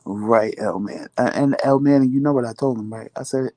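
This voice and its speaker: A man's voice: mid-range voice, a little fast, hardly any pauses, mellow, no room sound. A man hosting a vlog, chatting casually to viewers and dramatically acting out what people said. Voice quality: dramatic, chatty, acts out quotes. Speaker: vlog host.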